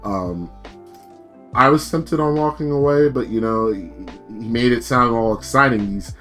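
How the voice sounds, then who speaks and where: A man's voice: medium pitch, measured pace, fairly bright tone, faint music behind. A man streaming as a VTuber, ranting in a casual, rambling way and swearing freely while telling stories on himself. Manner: rambling, profane, self-deprecating.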